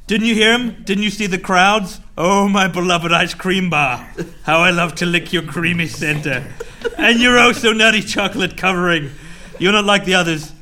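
A man's voice: sits high, normal speed, bright, forceful tone, slight background noise. A man voicing a frantic male cartoon chihuahua raving with madness, declaiming over the top and breaking into laughter. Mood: manic.

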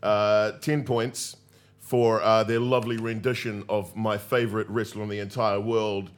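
A man keeping score on a comedy podcast, laid-back and full of hesitations, over loud background noise. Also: lowish voice, little pitch movement, normal speed. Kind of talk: casual comedy banter.

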